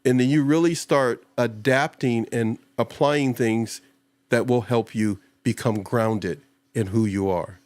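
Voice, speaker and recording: A man's voice: unhurried, dry recording. A man hosting a live-streamed talk show, chatting casually and rambling, and often acting out other people in voices. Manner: animated, jumps into high-pitched voices when acting out others. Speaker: show host.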